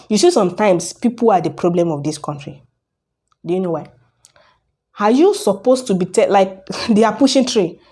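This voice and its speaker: A woman's voice: medium pitch, a little mellow. A young woman ranting to camera in a casual vlog, arguing her point with a stream of rhetorical questions. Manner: argumentative, fires rhetorical questions. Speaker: vlogger. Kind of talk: casual opinion rant to camera.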